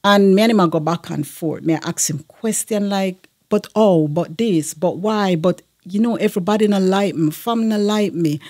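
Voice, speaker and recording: A woman's voice: mid-range voice, normal speed, hardly any pauses, a little mellow. A woman, a guest sharing a personal testimony in an earnest manner, with frequent fillers.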